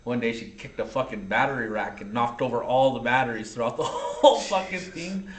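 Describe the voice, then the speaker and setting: A man in his thirties co-hosts a casual podcast, laughing and swearing heavily as he tells stories. His mid-range voice moves briskly, and the reverberant audio carries crowd noise.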